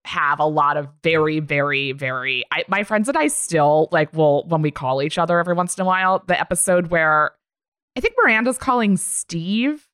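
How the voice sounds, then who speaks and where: A woman's voice: low voice, moderate pace, fairly bright tone, clear, resonant tone, no room sound, studio quality. A woman co-hosting a casual chat, rambling frankly in sentences that trail off. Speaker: podcast co-host.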